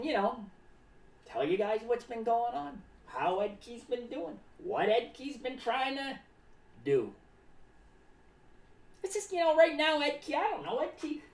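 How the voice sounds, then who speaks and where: A woman's voice: fairly high pitch, far from the mic. A woman playing a zany rambling clown. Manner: rambling, jumps between topics, sudden shouts and drops. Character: zany rambling clown, excitable, refers to self in third person. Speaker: clown character host. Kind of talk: improvised comic monologue. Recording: roomy echo, away from mic.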